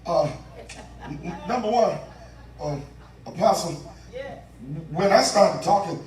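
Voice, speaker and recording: High-voiced preaching bishop in an echoey church. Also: male voice, expressive, darkish tone, recorded from a distance. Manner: chanting, drawn-out preaching cadence with asides to the congregation. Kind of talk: call-and-response sermon. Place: large church sanctuary. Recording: echoey church sound from afar with organ.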